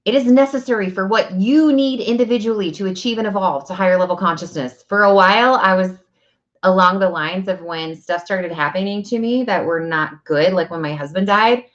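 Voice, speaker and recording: A woman's voice: mid-range voice, fairly quick, muffled recording. A woman giving a casual, earnest talk on energy healing, speaking directly and asking herself rhetorical questions. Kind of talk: casual spiritual talk to camera.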